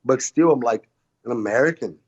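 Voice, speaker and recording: A man guesting on a podcast, telling his story as a martial arts coach in a rambling, animated way, with frequent swearing and restarts. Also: mid-range voice, a little fast, lo-fi sound. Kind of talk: casual storytelling.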